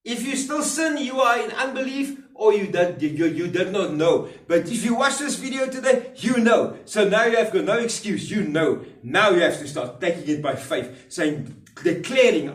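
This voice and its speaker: A man's voice: sits high, big pitch swings, normal speed. A man preaching a fervent, repetitive Bible teaching with emphatic rises. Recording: echoey room, far from mic.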